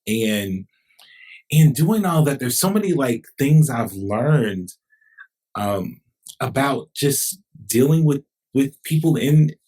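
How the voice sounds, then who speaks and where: A man's voice: medium pitch, expressive, slow, mellow, breathy edge. A man, a pastor hosting a podcast, talking in a reflective, conversational way. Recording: distant mic, roomy.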